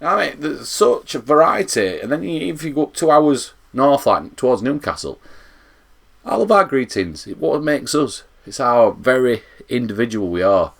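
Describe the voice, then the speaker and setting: Chatty South Yorkshire man, lively pitch. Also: moderate pace, vocal fry. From England. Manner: chatty, animated, rambling. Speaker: vlogger. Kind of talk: casual reaction vlog.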